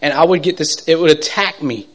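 A middle-aged man giving an emotional personal testimony, halting and repetitive, swinging from urgent to hushed. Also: fairly high pitch. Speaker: testimony speaker.

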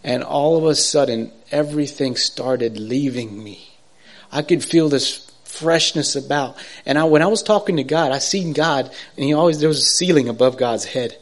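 A man giving an earnest personal faith testimony, rambling with restarts and asides to listeners, swinging between hushed near-whispers and excited loud bursts. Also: mid-range voice, moderate pace.

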